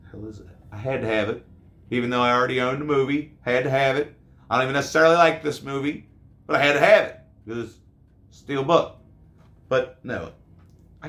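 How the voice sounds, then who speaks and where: A man vlogging about his collection, rambling and cursing, veering between loud rants and mutters, a little hoarse. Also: medium pitch. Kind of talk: casual profane vlog.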